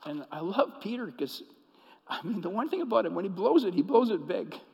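A man's voice: high voice, very animated, a little fast, vocal fry, husky. Preacher man in a reverberant hall. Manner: storytelling preacher, swings from hushed to emphatic. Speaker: pastor. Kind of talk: sermon.

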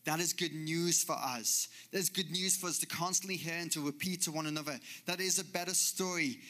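A man's voice: a little high, steady tone, brisk, bright, forceful tone. A man pastor preaching a sermon on a church stage, with an earnest, repetitive cadence.

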